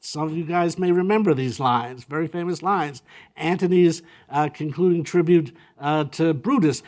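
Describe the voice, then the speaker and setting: A man giving a university lecture, talking in a halting way with many fillers and restarts. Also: on the high side, a little mellow.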